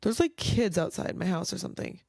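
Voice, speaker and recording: A woman's voice: on the low side, animated, a little fast, vocal fry, darkish tone, breathy edge, dry recording, clean studio sound. A woman hosting her own show, ranting bluntly at home late at night, tired and swearing freely with lots of filler likes. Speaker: podcast host. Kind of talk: casual solo rant.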